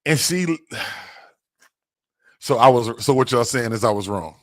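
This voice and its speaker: Slangy, animated man telling a story. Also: slow, no room sound, studio quality. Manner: slangy, animated, rises high when excited. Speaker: livestream host. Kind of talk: casual storytelling on a livestream.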